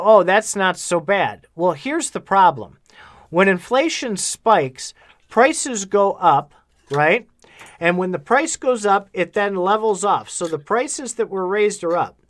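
A man co-hosting a casual talk show, ranting bluntly and heatedly about money. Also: high voice. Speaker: podcast co-host. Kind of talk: casual chat.

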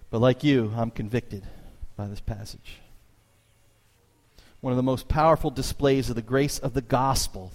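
A man preaches to his congregation, telling stories and driving his points home with sudden high bursts of emphasis. His voice carries a long reverb, as if recorded in a church hall. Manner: animated storytelling preacher, voice jumps high for emphasis. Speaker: pastor. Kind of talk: sermon.

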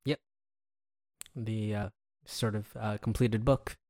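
A man with a lowish voice talks through a TV plot in loose, chatty fashion, padding his sentences with "like" and "um". The sound is dry and close, with no room around him. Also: steady tone, slow, darkish tone, no room sound. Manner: rambling, filler-heavy retelling. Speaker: podcast co-host. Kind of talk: casual episode recap.

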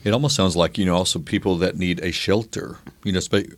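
An easygoing man with an Oklahoma accent, talking in a low, unhurried voice as he muses aloud with plenty of fillers. He sounds close to the mic in a dry, dead studio, chatting casually as a radio co-host. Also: steady tone, dry recording. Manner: musing, easygoing, many fillers. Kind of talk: casual chat.

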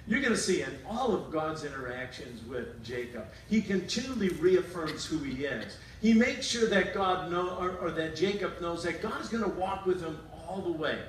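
Casual, storytelling pastor in an echoey room. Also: male voice, a little high, expressive, measured pace, recorded from a distance, slight background noise. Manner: casual storytelling that paraphrases scripture. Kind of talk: sermon.

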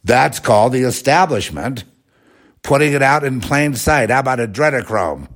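A man's voice: mid-range voice, animated, moderate pace, fairly bright tone. A man hosting a rambling, sarcastic religious commentary talk.

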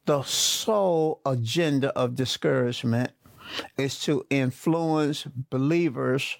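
A male pastor preaching a sermon, slowly repeating his key phrases for emphasis. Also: medium pitch, creaky, no room sound, clean studio sound.

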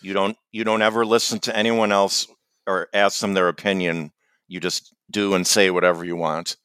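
Male comedy podcast co-host, low smooth voice, rambling and self-mocking, dry close sound. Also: flat delivery, moderate pace, fairly bright tone, no echo. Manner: meandering, self-deprecating, dry. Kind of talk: casual comedic podcast banter.

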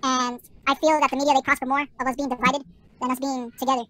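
A woman's voice: sits high, flat delivery, fast talker, dry recording. A woman co-hosting a podcast, arguing her point in casual chat. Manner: argumentative, reasoning out loud. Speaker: podcast co-host.

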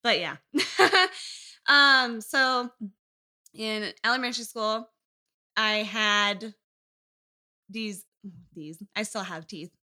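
Young woman chatting on a podcast, super bright tone, kinda rambly, laughs a lot. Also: fairly high pitch, lively intonation, extremely slow, long pauses. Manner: rambling, candid, laughs often. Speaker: guest. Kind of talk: casual podcast interview.

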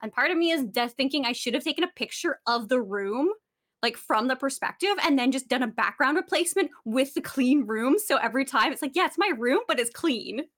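Bright, rambling young woman. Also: high voice, animated, a little fast. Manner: rambling, self-mocking. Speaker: player. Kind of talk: casual chat.

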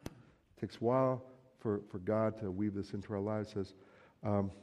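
A man preaches with a low, mellow voice, chatty and joking as he acts out little everyday scenes for the congregation. His words ring out with a long reverb from the church hall. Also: steady tone, normal speed. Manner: conversational and joking, acting out everyday quotes. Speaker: pastor. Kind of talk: sermon.

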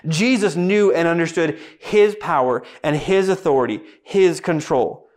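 A man's voice: a little high, measured pace, a little mellow. A man preaching a sermon, hammering points home through repetition and strings of rhetorical questions. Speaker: pastor.

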